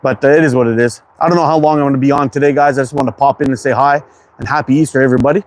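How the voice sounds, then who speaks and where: Racing along at a medium pitch with fairly even intonation, a Canadian slingshot livestream host with a Quebec accent greets his chat viewers by name. He is laid-back and friendly, swears casually, and broadcasts outdoors in cold wind, with wind and outdoor ambience behind him.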